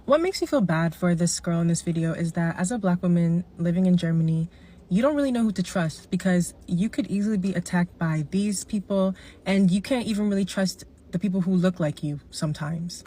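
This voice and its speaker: Mellow-voiced woman, earnest commentary. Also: fairly low pitch, a little fast. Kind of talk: reaction commentary.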